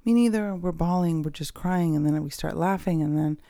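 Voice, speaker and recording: A woman hosts her own podcast from home, speaking in a loose, candid and reflective monologue. Her voice has a gravelly, mellow texture, and she often trails off, restarts and fills pauses. The sound is close and dry. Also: low-pitched, little pitch movement, no room sound. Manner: candid, rambling, with frequent fillers and restarts. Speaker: podcast host. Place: at home, dogs nearby.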